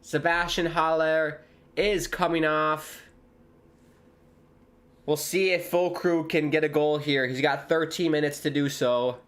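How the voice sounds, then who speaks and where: A young American man, a streamer commentating live on a football match with viewers, bursting into loud exclamations at big moments. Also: on the high side, fairly even intonation, measured pace. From United States. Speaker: watchalong streamer.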